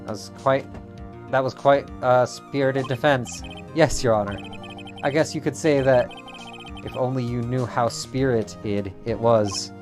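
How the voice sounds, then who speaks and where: A man voicing a mild-mannered older judge who speaks slowly and hesitantly, with light music behind. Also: medium pitch, natural voice.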